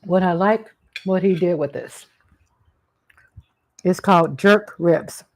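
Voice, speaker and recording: A woman's voice: lowish voice, takes it slowly, darkish tone. A middle-aged woman chatting casually about family cooking while eating, rambling and homey, with frequent restarts. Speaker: food vlogger. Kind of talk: casual mukbang chat. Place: home, eating at a table.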